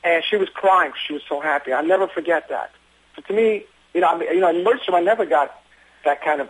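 A man who works as an emergency physician, telling stories in an interview with earnest, quick talk and frequent restarts. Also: on the high side, slightly rough, poor audio. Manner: fast, earnest storytelling with many restarts. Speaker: emergency physician running an urgent care. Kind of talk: interview conversation.

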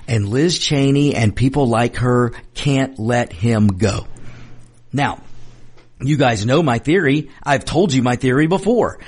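A man hosting a political commentary monologue, talking emphatically with repeated phrases and stammering restarts. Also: medium pitch.

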